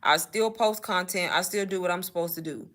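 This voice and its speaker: A woman talking loosely on a live stream. Her voice is bright and forward. She chats in an animated way and turns to answer viewers' comments. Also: fairly low pitch, brisk. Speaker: host of a live Q&A on online business.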